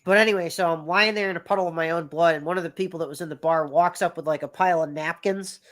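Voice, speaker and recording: A man's voice: on the high side, fairly even intonation, fast, fairly bright tone. A man in his thirties spins a long story in casual chat. He rambles on, circling back and swearing freely as he goes. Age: 30s. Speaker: podcast guest.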